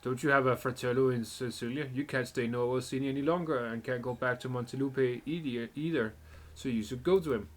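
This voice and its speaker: A ruthless crime boss, as a gamer reads him out, speaking in a cool, clipped, dismissive way at a steady middle pitch. He hands down judgment without raising his voice. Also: brisk, close to an everyday voice. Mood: cold. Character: cold ruthless male mafia boss.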